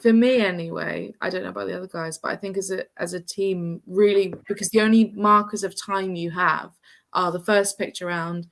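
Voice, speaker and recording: A woman's voice: on the low side, fairly even intonation, a little fast, creaky. A young woman, a student quiz contestant, talking thoughtfully in casual chat with lots of "kind of" fillers. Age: young adult.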